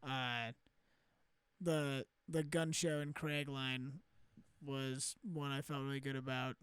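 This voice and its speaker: A man's voice: mid-range voice, steady tone, slow, a bit bright, clean tone, no echo. A young man co-hosting a comedy podcast in laid-back casual chat, trailing off and laughing easily.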